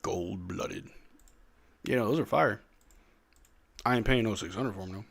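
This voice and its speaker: Speaking at a moderate pace in a fairly low, slightly bright voice, a man runs a live stream watch-along. He's sleepy and yawning, tossing out slangy, relaxed play-by-play and reading chat questions out loud to viewers.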